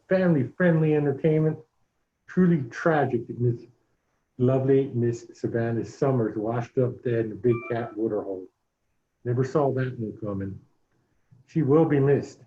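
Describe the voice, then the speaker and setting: A bragging, grandiose animal-park owner, as a man plays him, full of himself. The voice is middle-pitched. The audio comes through a muffled, echoey video call. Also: normal speed, warm tone, close to an everyday voice. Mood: boastful. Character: boastful male animal-park owner, self-obsessed showman. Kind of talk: reading a murder-mystery party script.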